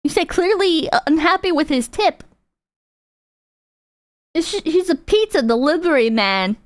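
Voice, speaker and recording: Female streamer, high and animated, rambling profane reaction chat. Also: measured pace, dry recording. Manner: rambling, profane, laughs often.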